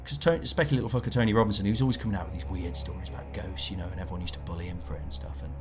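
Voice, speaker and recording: A man telling a comic story in a meandering, deadpan way, stopping to add details he forgot. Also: deep voice, very fast, music in the background. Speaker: comedian guest.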